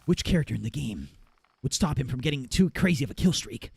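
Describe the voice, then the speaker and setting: A man voicing a scheming male gamer plotting like a villain, in a low muttering voice. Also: animated, fast talker, creaky, a little mellow, slightly rough, no echo, full character voice.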